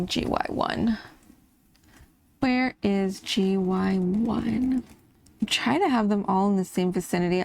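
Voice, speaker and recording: A woman's voice: medium pitch, vocal fry, darkish tone. A woman hosting a coloring channel, chatting casually and rambling about her family while she colors, laughing now and then.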